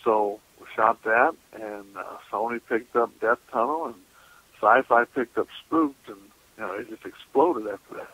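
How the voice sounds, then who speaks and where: A man's voice: lowish voice, moderate pace, a bit bright, breathy edge, no room sound. A man, a paranormal investigator, telling stories as a guest in a casual radio interview. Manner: casual, laughing, folksy storyteller. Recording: muffled radio call audio.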